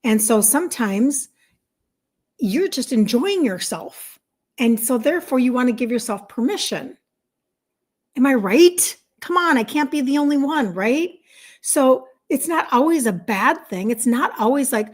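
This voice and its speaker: Woman, middle-aged, health coach, livestream chat, upbeat, fired up, higher voice. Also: expressive, measured pace. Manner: upbeat, reads viewer comments aloud, fired up.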